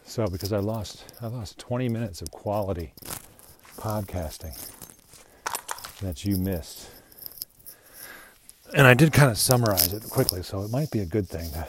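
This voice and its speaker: A man's voice: fairly low pitch, lively intonation, normal speed, pauses often, slight background noise. A man hosting his own podcast, talking in a rambling, reflective, self-deprecating monologue. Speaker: podcast host.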